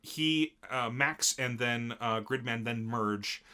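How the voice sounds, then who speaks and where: A man with a bright, forceful voice walks through an anime episode scene by scene. His talk is casual, and he keeps jumping into short character voices. He sits at a middle pitch. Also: clean tone. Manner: animated retelling with quick character voices. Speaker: podcast co-host. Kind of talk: casual anime recap chat.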